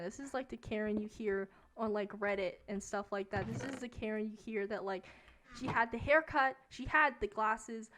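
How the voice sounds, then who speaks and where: A young woman with a high voice tells a long story in a casual, rambling rant while she plays a game on stream. She fills nearly every phrase with "like" as she goes. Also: fairly bright tone.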